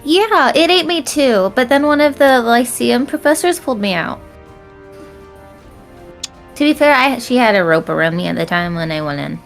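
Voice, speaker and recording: A woman playing a tabletop game live, asking quick questions and laughing often. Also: fairly high pitch, expressive, creaky, soft background music. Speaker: player.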